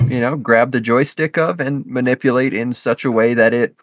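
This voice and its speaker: A man's voice: mid-range voice, normal speed, dry recording, clean studio sound. A man co-hosting a casual chat, easygoing and jokey. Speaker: podcast co-host.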